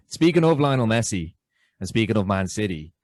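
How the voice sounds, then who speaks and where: A podcast co-host with a fairly low voice chats easily, feeding his guest follow-up questions. His delivery is relaxed and conversational. The recording is dry and close. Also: normal speed, no room sound. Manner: laughs along and feeds in follow-up questions. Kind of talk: casual chat.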